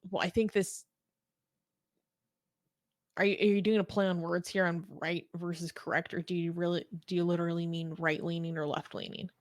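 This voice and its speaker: A woman's voice: on the low side, level tone, normal speed, no echo, studio quality. A woman co-hosting a live stream, chatting and reading out viewer messages. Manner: conversational, reads viewer messages. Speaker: co-host reading super chats. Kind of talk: casual live-stream discussion.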